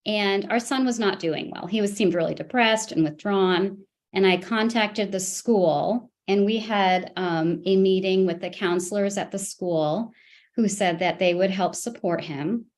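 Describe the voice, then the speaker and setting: A woman testifying in a custody hearing at a middle pitch. She speaks haltingly, stopping and restarting her sentences and filling gaps with ums as she recounts events. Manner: hesitant, halting, full of restarts and fillers. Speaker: parent testifying in a custody case. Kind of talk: court testimony.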